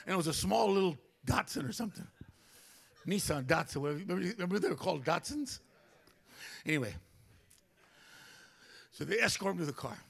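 An older male pastor telling a story during a sermon, animated, acting out other people's voices. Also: high voice, a little fast, gravelly, long pauses, slightly rough. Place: church.

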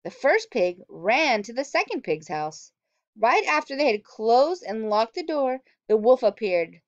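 Woman, teacher, storybook read-aloud, animated, asks children questions, fairly high voice, dull lo-fi recording. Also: measured pace, no echo.

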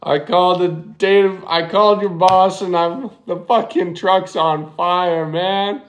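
Frantic, swearing truck driver after a crash, pitched up high, played by a man on a prank call. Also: measured pace, dull audio, a little hiss or hum. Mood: panicked. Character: panicking male truck driver who crashed.

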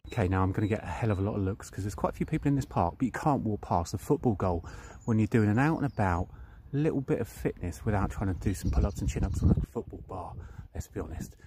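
A man's voice: fairly low pitch, animated, fast, hardly any pauses, noisy background. A man in his thirties with a British accent chatting bluntly and casually to camera as a fitness vlogger, walking outdoors through a park. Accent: British English.

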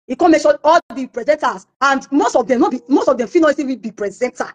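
Fast and animated with a high pitch, this Nigerian woman singer is being interviewed and relates a story, acting out what others in it said.

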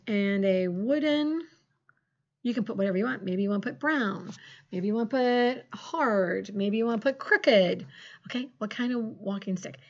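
A middle-aged woman teaching a phonics lesson to second graders, encouraging and sing-song, drawing words out slowly. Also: medium pitch. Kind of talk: phonics lesson for young children. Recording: dull lo-fi classroom recording.

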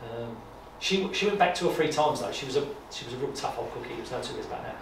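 A man giving an informal talk at an exhibition, telling stories in a chatty, animated way with repetitions and asides. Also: mid-range voice, fast talker, gravelly. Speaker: guest speaker on wartime history. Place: exhibition room. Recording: echoey room from far off, noisy.

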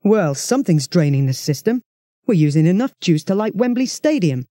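A reader voicing an irritable, gruff father in a children's story. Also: mid-range voice, sing-song, normal speed, mellow, no room sound, studio quality, natural voice. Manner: gruff, cross.

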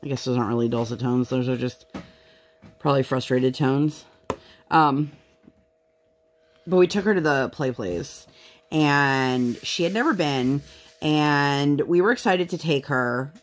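Working on a craft at home, a thirtysomething craft vlogger tells candid stories in a casual chat, occasionally doing voices when quoting others. Her voice is very deep and unhurried with frequent pauses, and there is a little hiss or hum.

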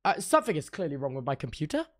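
A man's voice: fairly high pitch, wildly swooping pitch, rapid-fire, a bit bright. A young man chatting on a livestream. He swears a lot, rants about tech trouble and repeats himself as he talks. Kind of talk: casual stream chat.

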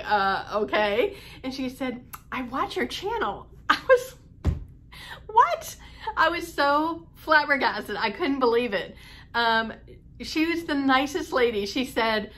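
A middle-aged American woman talks casually to her camera. She rambles on with plenty of "um"s and false starts. Her voice sits at an ordinary middle pitch, with a faint hum of the room behind her. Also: fairly bright tone. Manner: chatty, rambling, with many fillers and restarts. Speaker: sewing vlogger.

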